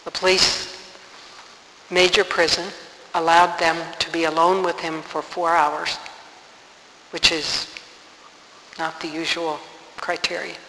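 A woman's voice: on the low side, level tone, slow, long pauses, bright, forceful tone. A woman telling a story as a sermon, earnest and dramatic in her retelling. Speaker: religious speaker. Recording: reverberant hall, faint hiss.

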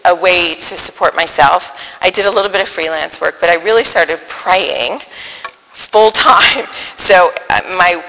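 A middle-aged woman telling a personal faith story in an animated way, acting out the dialogue and laughing often. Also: lowish voice, measured pace. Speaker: speaker sharing a faith testimony. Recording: echoey hall with long reverb.

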